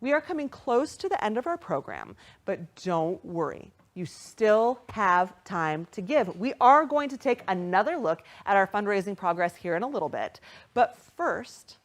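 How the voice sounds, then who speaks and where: A woman emcees a live-streamed fundraising gala with bubbly energy, and her voice swoops up and down as she talks. She calls out donors by name and thanks them. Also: mid-range voice. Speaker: gala host.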